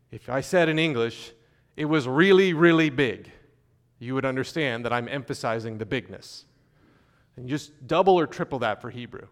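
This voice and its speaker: A man delivers a sermon to his congregation in a mid-pitched voice. He talks in a conversational, measured way, with fillers and restarts. He slows down to stress key phrases. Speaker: pastor.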